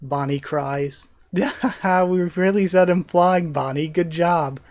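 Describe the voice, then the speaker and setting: A man hosting a live manga reaction, reading panels aloud and commenting excitedly. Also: on the high side, slow pace. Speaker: reaction channel host.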